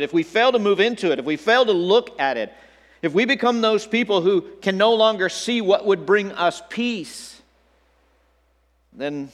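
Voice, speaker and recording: Middle-aged male pastor, earnest sermon delivery, slightly high voice, lingering reverb. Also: fairly bright tone. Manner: earnest, repeats words, slows to stress points. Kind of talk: online sermon.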